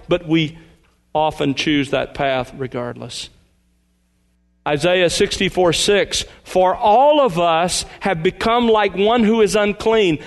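A man pastor preaching a sermon, reading scripture aloud with earnest emphasis. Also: high-pitched.

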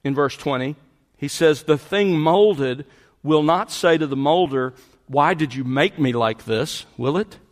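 A man's voice: a little high, unhurried, big-room sound. A man preaching a verse-by-verse sermon, stressing key words and repeating phrases for emphasis. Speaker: pastor. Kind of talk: expository sermon.

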